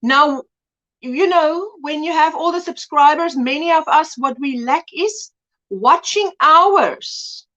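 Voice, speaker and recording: A woman's voice: sits high, slow, fairly bright tone, dull audio. A woman hosting a casual crochet livestream, chatting and teasing, greeting viewers by name. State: a little out of breath. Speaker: livestream host. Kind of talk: casual live chat while crocheting.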